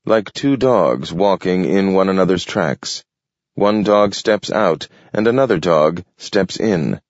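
A man reading a story aloud in a measured, contemplative narration. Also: low-pitched, expressive, dry recording, lo-fi sound. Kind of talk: scripted narration.

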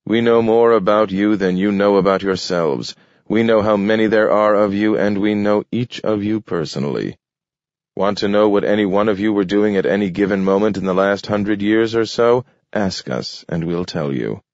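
A man doing a grim, clipped human leader in an audiobook, pushed higher and more heated than the deep narrating voice. The delivery is terse and pressing. The recording is dry and a little dull. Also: moderate pace, dry recording, close to an everyday voice. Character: sharp, tense older human leader Webster. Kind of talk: audiobook character voice. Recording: dull, dry studio read.

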